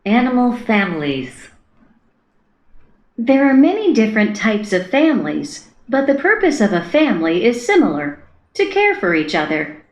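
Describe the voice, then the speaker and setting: A woman's voice: on the high side, sing-song, normal speed. Woman narrating textbook audio, echoey. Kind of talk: scripted narration. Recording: roomy textbook audio playback.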